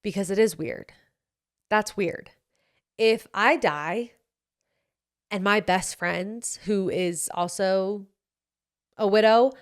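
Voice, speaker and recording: Blunt, sassy woman with a Utah accent. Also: mid-range voice. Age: 20s. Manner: blunt, sassy, swears freely. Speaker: podcast host. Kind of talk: casual advice chat.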